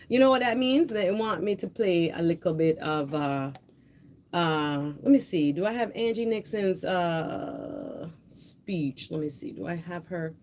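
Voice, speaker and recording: A woman's voice: on the low side, darkish tone, slight background noise. A woman hosting a live political talk stream, speaking in a passionate, conversational way and addressing viewers directly. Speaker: host of a political livestream. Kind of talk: casual live political commentary. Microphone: headphones with a mic, home streaming setup.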